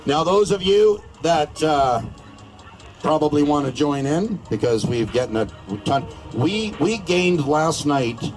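A man's voice: fairly high pitch, expressive, measured pace, faint music behind, rough recording. A Canadian man giving a crude, joking, rousing speech at an outdoor rally. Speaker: rally speaker.

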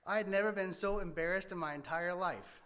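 A man telling a personal story from his youth in an earnest, halting way, with many fillers and restarts. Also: high-pitched, a bit bright. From American Midwest. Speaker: speaker sharing his life story.

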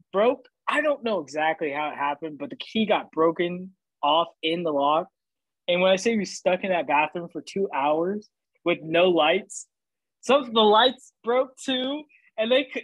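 A man's voice: high-pitched, no room sound, low-quality recording. A young man casually telling funny travel stories, swearing freely and laughing as he goes. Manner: animated, profane, laughing storyteller. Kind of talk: casual storytelling chat.

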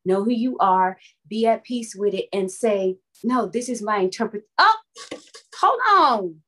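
A woman singer from Florida, telling lively, dramatic stories in an interview and calling the listener "honey". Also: mid-range voice, moderate pace. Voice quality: expressive, calls the listener "honey". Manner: lively, dramatic, laughs often. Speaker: singer and guest. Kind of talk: animated interview storytelling.

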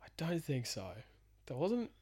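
A young man talks through a story in a loose, casual podcast chat. His voice sits a bit high for a man, and he swears freely and laughs as he goes. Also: big pitch swings, measured pace, dark tone. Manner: laid-back, swears a lot, laughs while telling. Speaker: podcast co-host.

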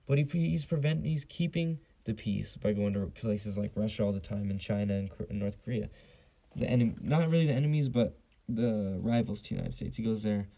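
Young man, podcast host, low-pitched, gravelly, rambling, swears a lot, home mic. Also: mellow, low-quality recording. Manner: blunt, profane, rambling with many fillers. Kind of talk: casual solo podcast rant. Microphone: basic home mic.

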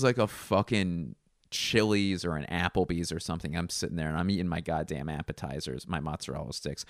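Deep-voiced, animated man rambling profanely. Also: no echo, studio quality. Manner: profane, rambling, acts out imagined exchanges. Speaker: comedian and podcast host. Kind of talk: casual comedic monologue.

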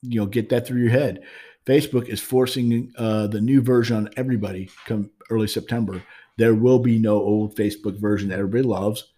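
A man's voice: on the low side, steady tone, a little fast, warm tone. A man hosting a podcast from his home, talking in a frank, rambling way with many fillers and restarts. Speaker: podcast host. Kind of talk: casual monologue.

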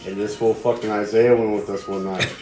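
A young man casually telling profane, animated stories to friends, quoting voices as he goes. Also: on the low side, a little fast, music in the background. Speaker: storyteller among friends. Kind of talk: casual chat. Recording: roomy with crowd noise behind.

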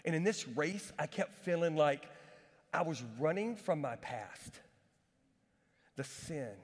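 A man preaching a sermon as pastor, telling stories with lively repeats and asides to the congregation. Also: a little high, slow. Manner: energetic storytelling with repetitions and asides. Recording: long hall reverb.

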